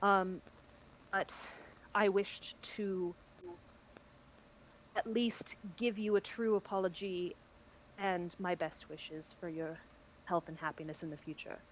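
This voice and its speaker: A woman voicing a young genteel regency lady who reads a formal, halting letter with small hesitations. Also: lowish voice, steady tone, slight background noise, low-quality recording. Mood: remorseful.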